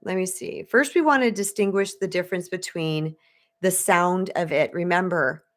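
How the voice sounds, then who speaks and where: A woman in her fifties from the United States speaks to her live audience as a spiritual coach. Her voice sits a little low. She talks in a candid, chatty way and slips into the voices of the people she quotes. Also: moderate pace. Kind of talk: live-streamed personal storytelling to viewers.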